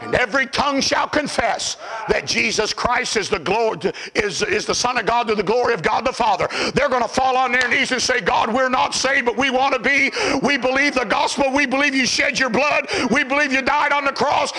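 An older man preaching a fiery revival sermon, shouting high and then dropping to low murmurs.

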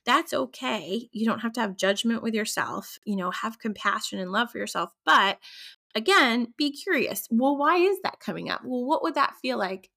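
A woman hosting her own podcast as a coach, talking in a gentle, reflective way with frequent ums. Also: a little high, expressive, moderate pace, creaky. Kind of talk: casual solo podcast talk.

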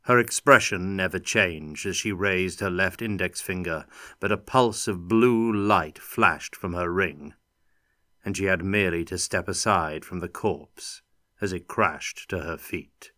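Slow, bright-voiced male narrator. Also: low voice, dry recording, clean studio sound. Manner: steady, unhurried, dramatic storytelling. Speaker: audiobook narrator. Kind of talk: scripted narration.

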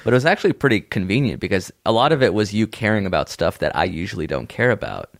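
A young man with a low voice chats easily on a podcast. He is relaxed and quick to laugh. The mic is close and dry. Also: creaky, dry recording. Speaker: podcast co-host and actor. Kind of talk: casual chat.

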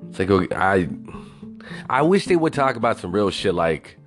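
A man's voice: lowish voice, sing-song, moderate pace, faint music behind. A man ranting in a casual, profane way, incredulous and swearing constantly.

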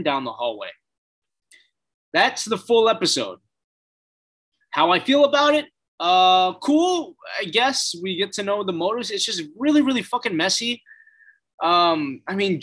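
A man's voice: a little high, pushed and bright. A man recapping a TV episode in a casual, blunt way, swearing and using plenty of fillers. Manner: blunt, profane, frequent fillers.

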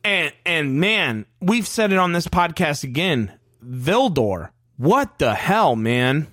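Podcast co-host, male, lively swinging pitch, dry close sound, heated profane ranting. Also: slow pace, no room sound. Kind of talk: casual sports podcast chat.

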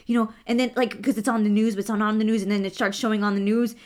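A woman's voice: mid-range voice, flat delivery, very fast. A young American woman telling a personal story earnestly in a casual podcast conversation, full of "like" fillers. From United States. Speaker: guest.

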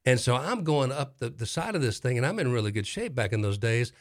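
A middle-aged man hosting a talk show, telling a dramatic story in a casual, animated way with repeated phrases for effect. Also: medium pitch, a little fast.

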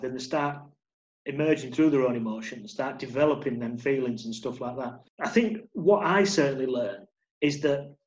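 A man in casual chat, reflective and wry. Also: medium pitch. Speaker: podcast co-host. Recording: roomy, dull-sounding mic.

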